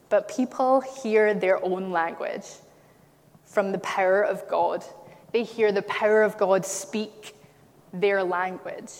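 A woman's voice: medium pitch, darkish tone. A woman from Scotland giving a sermon and telling stories, stressing her key points. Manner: storytelling, emphatic at key points. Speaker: preacher. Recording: long reverb, hall.

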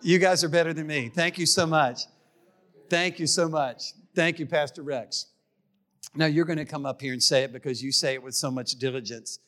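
In a church, a middle-aged man serving as pastor delivers an emphatic, repetitive sermon, frequently tripping over words and circling back to key phrases. He has a fairly high, somewhat bright voice and keeps a moderate pace.

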